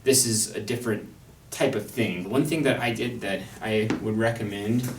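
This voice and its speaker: A man's voice: lowish voice, normal speed, slight background noise. A young man teaching a violin excerpt in a thoughtful, wry manner, with fillers and restarts. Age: young adult. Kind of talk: instructional talk on an orchestral excerpt. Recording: echoey room, mic at a distance.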